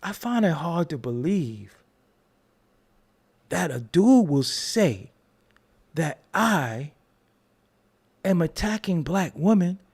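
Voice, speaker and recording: A man's voice: on the high side, sing-song, slow pace, long pauses, a little mellow, husky. A middle-aged man from Brooklyn, ranting on a livestream. He is confrontational, profane and mocking, and he laughs between jabs. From Brooklyn, New York. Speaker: livestreamer answering chat. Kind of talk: heated livestream rant.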